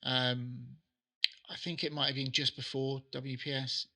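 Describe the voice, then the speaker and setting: A middle-aged man, a soccer trainer and interview guest, telling animated stories and acting out what people said. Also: mid-range voice, measured pace. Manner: animated anecdotes, acts out quotes. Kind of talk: casual interview storytelling.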